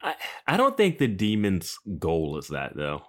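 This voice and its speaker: Animated deep-voiced male guest. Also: unhurried. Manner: animated, chatty questioning. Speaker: podcast guest. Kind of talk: casual chat.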